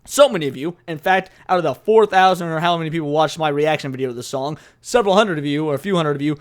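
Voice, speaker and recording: Animated high-voiced American man ranting. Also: fast talker. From United States. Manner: animated, exasperated, rising to emphatic outbursts. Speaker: commentary host reacting to news. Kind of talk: opinionated commentary reading and reacting to an article.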